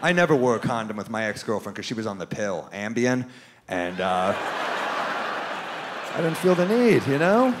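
A man from New York doing a stand-up comedy set with a dry, deadpan delivery, dropping into lower voices for the people he quotes. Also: normal speed, pauses often. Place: comedy club stage before a live audience. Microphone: handheld stage microphone. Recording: live club recording with crowd noise. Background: audience laughter and club ambience.

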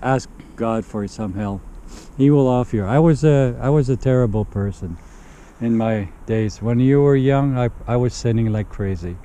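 Earnest pleading middle-aged street preacher. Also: male voice, medium pitch, moderate pace, dark tone, smooth, low-quality recording. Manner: earnest, pleading, keeps urging. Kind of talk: one-on-one street evangelism. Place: outdoors in a city park in winter.

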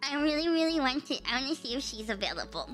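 A woman's voice: high voice, very animated, quick pace, music in the background. A young woman streaming as a VTuber, chatting casually with her viewers, laughing often and reacting to the chat. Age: young adult. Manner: giggly, talks back to chat, frequent laughter.

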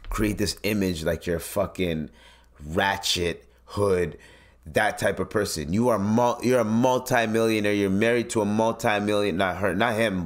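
A man hosting a solo podcast, giving blunt, profane commentary in a casual ranting manner. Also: sits low. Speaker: podcast host.

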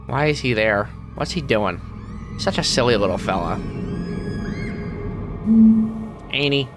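In a character let's play, a man voices a grumpy, weary middle-aged male squid, grumbling sarcastic commentary and deadpan asides as he plays a game. His mid-range voice, close to an everyday voice but pushed down, moves at normal speed over background music.

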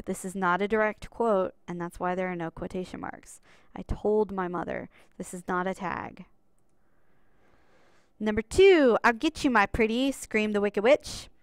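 A woman's voice: fairly high pitch, fairly bright tone, no echo. A woman teaching a recorded writing lesson over slides, in a chatty, upbeat way and talking straight to her students.

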